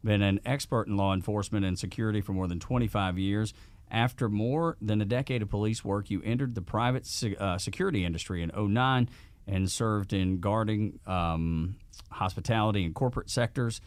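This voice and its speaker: A man's voice: on the low side, brisk, no echo. A man hosting a casual interview, folksy and joking. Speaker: podcast host.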